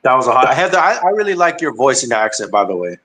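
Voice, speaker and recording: A man's voice: mid-range voice, very animated, a bit bright. A man from Denver with a Southern-tinged accent, chatting as a guest and often restarting his sentences. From Denver, Colorado. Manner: halting, repeats words and restarts. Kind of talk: casual chat. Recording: echoey room with faint noise.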